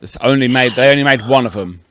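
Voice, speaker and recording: A man's voice: mid-range voice, fast, fairly bright tone, a little hiss or hum. A man co-hosting a casual podcast chat, blunt and emphatic and swearing. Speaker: podcast co-host.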